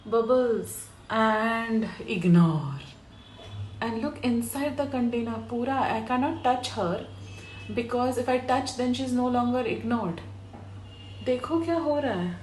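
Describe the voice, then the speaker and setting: A woman's voice: on the high side, slight background noise. A woman, casually talking to the camera in a home video and showing things close up. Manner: expressive, shows jars close to the camera. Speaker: parenting vlogger.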